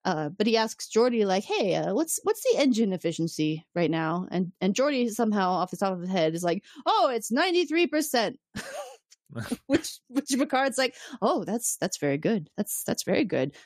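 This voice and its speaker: Animated woman recapping with lively pitch. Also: moderate pace, no echo, clean studio sound. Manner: animated storytelling, acts out characters' lines. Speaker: podcast co-host recapping episodes. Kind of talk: casual chat.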